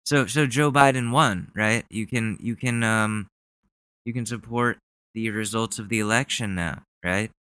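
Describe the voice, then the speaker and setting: A man's voice: on the low side, unhurried, long pauses, pushed and bright, clean tone, no echo. A man hosting a podcast, chatting casually in a loose, joking and profane way. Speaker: podcast host. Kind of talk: casual chat.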